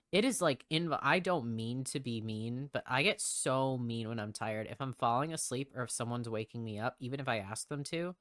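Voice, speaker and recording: A man's voice: mid-range voice, fairly bright tone, no room sound, studio quality. Chatty, sweary man playing a game. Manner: chatty, sweary, laughing at himself. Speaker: gaming video host. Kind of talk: casual let's play commentary.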